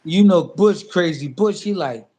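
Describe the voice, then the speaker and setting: A man's voice: sits high, measured pace. A man in his fifties tells a story in a casual interview, his voice sitting a little above the usual male range. He rambles loosely with plenty of fillers, then jumps into acting out both sides of a phone conversation. He speaks as a former boxer recounting his career. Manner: animated storyteller who acts out both sides of a phone call; loose, repetitive phrasing with many fillers.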